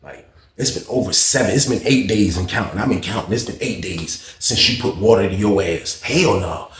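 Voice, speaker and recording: A man's voice: fairly low pitch, normal speed, echoey room, a little hiss or hum. A man telling a story in a casual, profane way, acting out his own lines with big jumps in voice. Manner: animated, profane, acts out his own quotes.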